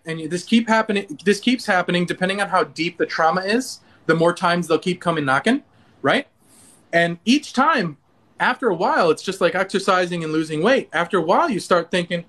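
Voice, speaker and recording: High-voiced earnest man, animated. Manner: earnest, animated, acts out inner dialogue with many restarts. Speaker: interview guest. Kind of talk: casual interview talk.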